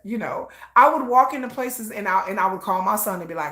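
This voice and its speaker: A woman's voice: medium pitch, expressive, fast talker, few pauses, a bit bright. A woman streamer in a comedic live monologue, playfully acting out imagined scenes. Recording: echoey room.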